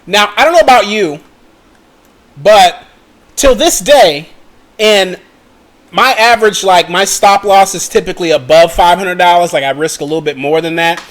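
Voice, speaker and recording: A young man's voice, pitched high and a little bright, moving at a moderate pace. He's a trading educator running a casual screen-share lesson, chatting away, often checking in with "okay?" and "right?" and muttering at his computer.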